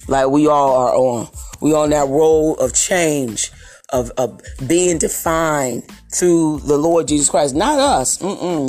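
A woman's voice: low voice, darkish tone. A woman preaching a sermon, emphatic and rhythmic, repeating key phrases.

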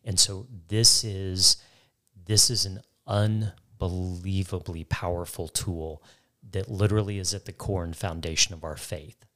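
A man's voice: deep voice, fairly even intonation, a little slow, sharp tone. A man co-hosting a faith talk, telling a personal story earnestly and repeating key phrases for emphasis. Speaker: co-host.

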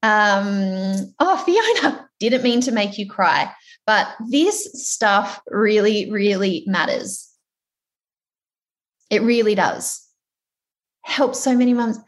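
A woman with an Australian accent presenting an online workshop over a video call, chatty, encouraging and animated. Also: medium pitch, slow, long pauses.

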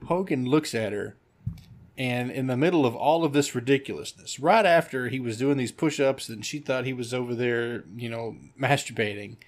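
A man co-hosting a casual movie-review podcast, telling scenes in an animated way and laughing often. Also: mid-range voice, moderate pace. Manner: animated storyteller, laughs often, acts out quotes. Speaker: podcast co-host.

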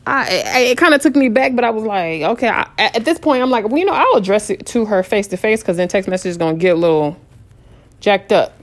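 A woman chats through a casual storytime, retelling a back-and-forth with a friend. She talks in an animated, looping way, stumbling over restarts and circling back to "I was like." Her voice sits at an ordinary middle pitch for a woman. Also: fast talker. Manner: frequent restarts and repeated phrases. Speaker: vlogger.

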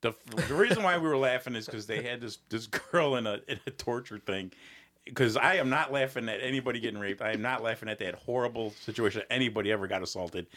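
A man, a podcast co-host in casual banter, excitable and prone to loud laughter. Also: mid-range voice, fast talker.

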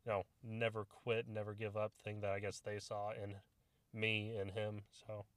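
A man's voice: fairly low pitch, monotone, normal speed, fairly bright tone, dry recording. A young man co-hosting a casual podcast, telling army stories with plenty of swearing. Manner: profane, storytelling, acts out quoted voices. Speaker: podcast co-host, army veteran. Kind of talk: casual chat.

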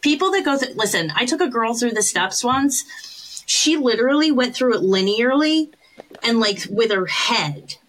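A woman co-hosting a podcast, talking earnestly and encouragingly in casual chat, with quick laughs and the odd swear word. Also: a little high, lively intonation, fairly bright tone, low-quality recording. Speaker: podcast co-host, recovery sponsor.

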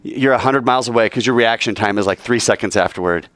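A man teaching a classroom lecture, joking with his students in quick asides and acting out quoted arguments in a raised voice. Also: on the low side, a bit bright, no room sound.

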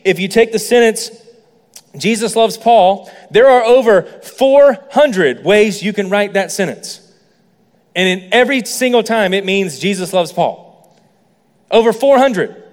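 A man's voice: high-pitched, in a large hall. A man preaching a sermon as a pastor, explaining points with playful asides to the congregation. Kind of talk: sermon teaching.

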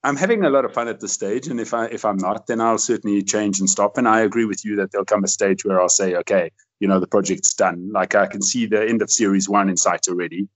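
A man's voice: fairly low pitch, fast, few pauses, rough recording. A man hosting a podcast interview, talking in an effusive, rambling way. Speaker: podcast host. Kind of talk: casual interview chat.

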